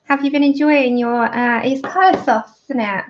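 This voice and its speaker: A woman's voice: sits high, fairly even intonation, normal speed, muffled recording, noisy background. A woman hosting a live colouring tutorial, chatting with viewers by name and laughing often as she works. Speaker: art livestream host.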